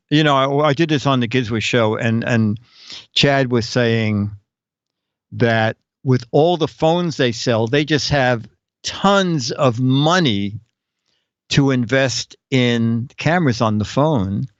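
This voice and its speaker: A man's voice: mid-range voice, dry recording. A man hosting a live-streamed show, chatting casually and rambling, with frequent laughs. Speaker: show host. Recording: dull lo-fi stream audio with faint music.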